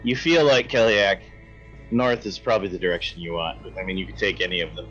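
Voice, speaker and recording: Game master, male, low voice, meandering scene narration; dull lo-fi mic, faint music underneath. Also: fairly even intonation, fast, fairly bright tone, slightly rough. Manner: descriptive, rambling, self-correcting.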